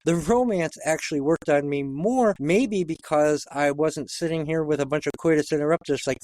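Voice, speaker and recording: A man's voice: a little high, normal speed, few pauses, a little mellow, no echo. A man hosting a film podcast, leading a casual discussion with enthusiasm. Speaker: podcast host.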